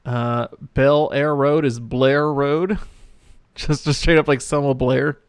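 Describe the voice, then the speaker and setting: A man's voice: medium pitch, steady tone, unhurried, smooth, dry recording. A man co-hosting a podcast, chatting casually and laughing often. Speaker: podcast co-host. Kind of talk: casual chat.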